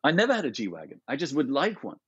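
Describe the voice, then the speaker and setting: A man chatting as a podcast guest, animated, laughing often and trailing off into restarts. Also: medium pitch, quick pace, husky, dry recording, dull audio. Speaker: podcast guest, artist and photographer. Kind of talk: casual chat.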